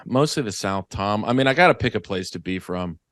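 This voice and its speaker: A man's voice: fairly low pitch, a little fast, no room sound, studio quality. A man who grew up mostly in Louisiana, co-hosting a podcast in crude, joking casual chat. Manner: joking, crude, lively banter. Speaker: podcast co-host.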